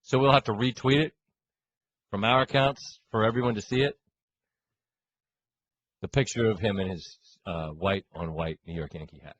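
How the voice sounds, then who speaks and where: Man, sports radio co-host, husky voice, teasing banter, middle-aged. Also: lowish voice, moderate pace, long pauses, a bit bright, no room sound, poor audio. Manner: joking, teasing.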